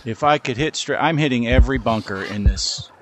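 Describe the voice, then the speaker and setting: Against a noisy background, a middle-aged gaming host with a medium-pitched voice talks a little fast during a VR golf session. His commentary is casual and self-mocking, and he speaks to his ball as he goes.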